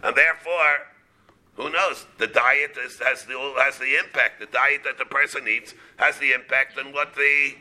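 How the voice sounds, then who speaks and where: Bright-voiced rabbi giving a Talmud class. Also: male voice, mid-range voice, steady tone. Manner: halting, repeats words, mixes Hebrew and Aramaic terms into English.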